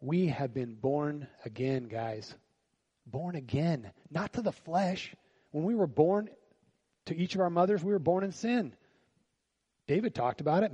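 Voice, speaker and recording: Pastor guy preaching at church, kinda husky and mellow, chatty, keeps asking the crowd stuff. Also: on the high side, unhurried, poor audio. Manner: conversational preaching with frequent rhetorical questions to the congregation; shifts between quiet reflective lines and louder animated bursts. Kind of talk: sermon. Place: church service.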